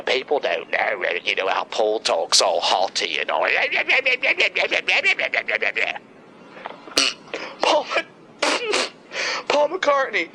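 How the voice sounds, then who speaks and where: A man's voice: fairly low pitch, sharp tone, slight background noise, rough recording. A man performing a rambling satirical sketch, stammering and switching between many put-on voices. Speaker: comedian doing impressions.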